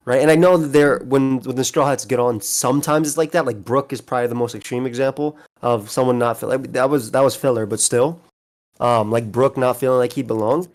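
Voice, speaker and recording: A man's voice: mid-range voice, fairly even intonation, brisk, darkish tone. A man on a podcast, retelling a scene in eager detail with lots of restarts. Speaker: podcast host. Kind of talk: casual chat.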